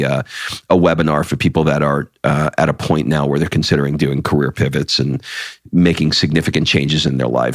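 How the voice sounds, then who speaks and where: A middle-aged man with a very low voice talks in loose, candid podcast chat. He swears without a second thought and trips into restarts as he thinks aloud. The sound is close and dry, with no room around it. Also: no echo. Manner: blunt and candid, swears freely, often restarts his sentences. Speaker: podcast co-host. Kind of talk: casual chat.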